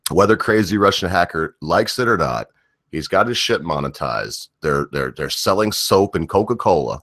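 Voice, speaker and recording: Low-voiced man ranting profanely on a livestream. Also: lively intonation, moderate pace, a bit bright, no room sound, studio quality. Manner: rambling, profane, chuckling. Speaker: livestream host.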